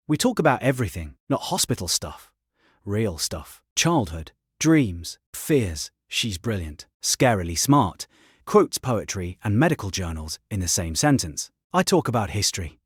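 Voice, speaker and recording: A man's voice: lowish voice, very animated, a little slow, breathy edge, dry recording, studio quality. A man reading a first-person story aloud in terse, clipped sentences. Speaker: story narrator. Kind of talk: scripted first-person narration.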